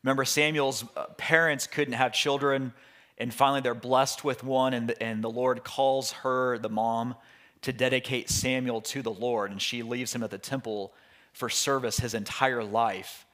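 A man's voice: mid-range voice, fairly even intonation, moderate pace, a bit bright. Man teaching the Bible casually. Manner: conversational, with restarts and asides. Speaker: pastor.

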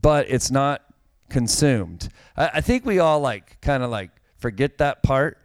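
A middle-aged pastor, unhurried and medium-pitched, preaches a chatty sermon whose stories become more and more animated, punctuated by a dry joke. His tone is clean and the recording dry.

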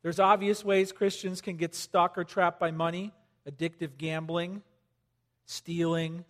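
High-voiced pastor preaching in a reverberant hall. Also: male voice, a little slow. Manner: animated, conversational, swings from loud emphasis to quiet. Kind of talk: sermon. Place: church hall with congregation.

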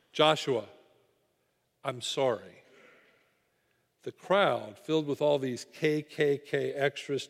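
A man preaching a sermon, telling a story dramatically and dropping to a hush for weight. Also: medium pitch. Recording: long hall reverb.

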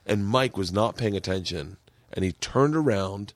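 A middle-aged man on a comedy podcast, swooping all over his range as he spins profane stories and squeaks out the punchlines in other people's voices. The sound is close and dry, with no room around it. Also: moderate pace, no room sound. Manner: animated storytelling, profane, acts out quotes in high squeaky voices. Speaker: podcast host. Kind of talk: casual comedy podcast chat.

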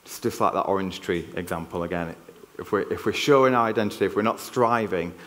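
A man's voice: deep voice, fairly even intonation, a little fast, fairly bright tone. A man with a Yorkshire accent preaching a church sermon in an earnest, conversational way, often restarting his sentences. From Yorkshire, England. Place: church hall. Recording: long reverb of a church hall.

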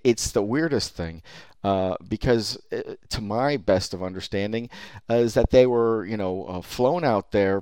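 A man's voice: on the low side, a little mellow, smooth, dry recording, studio quality. A man hosting a podcast, rambling through a profane rant full of fillers and restarts. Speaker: podcast host.

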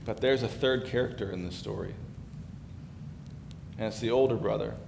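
Speaking at a moderate pace in a gravelly voice, a pastor preaches conversationally and builds in emphasis. Faint background rumble runs through the echoey hall.

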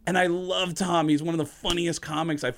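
A man's voice: on the high side, brisk, vocal fry, noisy background. A middle-aged man, a stand-up comedian, telling a story in a casual chat and acting out voices and impressions. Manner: animated storyteller who acts out voices and impressions.

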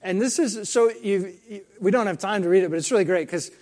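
Man, pastor, sermon, conversational, fillers, rhetorical asides, higher pitch. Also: a little fast, darkish tone.

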